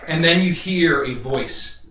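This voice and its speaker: A man acting as game master, narrating a tabletop game in a vivid, halting descriptive way. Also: a little high, bright, forceful tone, slight background noise. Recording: roomy echo, distant mic, faint music.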